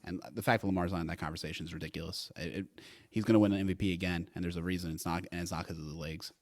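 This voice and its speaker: A man's voice: deep voice, steady tone, rapid-fire, dry recording, clean studio sound. A man co-hosting a casual sports talk show, speaking in an enthusiastic, rambling way. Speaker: co-host.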